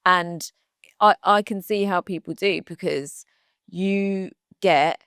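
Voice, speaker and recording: A woman's voice: on the low side, slow, fairly bright tone, clean tone, no echo, clean studio sound. A woman in her thirties co-hosting a podcast, speaking frankly and earnestly. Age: 30s. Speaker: podcast co-host. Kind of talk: casual chat.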